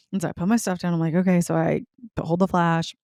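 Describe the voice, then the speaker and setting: A woman's voice: fairly low pitch, moderate pace, no echo. Chatty young woman podcaster, dry close sound. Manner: chatty, animated, filler-heavy with frequent "like". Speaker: podcast host. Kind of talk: casual storytelling.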